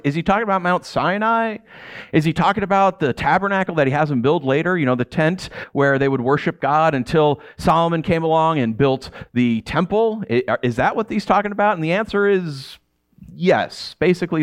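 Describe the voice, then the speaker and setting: A man with a high voice leads a relaxed Bible teaching. His pitch swings widely as he talks. He is chatty and animated, laughs easily, and keeps tossing rhetorical questions at his listeners. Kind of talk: casual expository Bible teaching.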